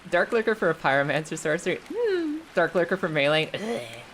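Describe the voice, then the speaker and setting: A young woman streaming a game live, chatting casually, swearing freely and jumping into high excited squeals. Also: brisk, a little hiss or hum.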